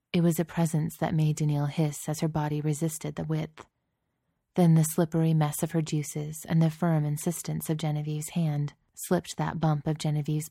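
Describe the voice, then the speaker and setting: A woman narrating a scripted story in a steady, intimate reading voice, close to the mic. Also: low voice, no room sound.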